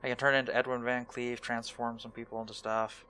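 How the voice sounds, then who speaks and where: A young man hosting a relaxed let's play, talking in a laid-back, rambling and self-mocking way. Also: medium pitch, fairly quick, a little hiss or hum. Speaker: gaming channel host.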